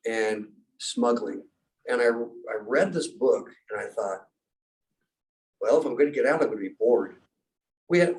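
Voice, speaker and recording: A man's voice: medium pitch, far from the mic, rough recording. A middle-aged man, a pastor and former military rescue specialist, telling stories in an interview and acting out the voices he quotes. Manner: animated storyteller, acts out quoted voices. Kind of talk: storytelling in an interview.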